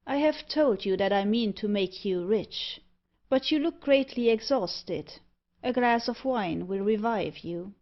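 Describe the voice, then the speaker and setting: A woman voicing a suave, wealthy male tempter with a mocking, devilish air, delivering his lines slowly and deliberately. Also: mid-range voice, close to an everyday voice. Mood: smooth. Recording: dull lo-fi audiobook recording.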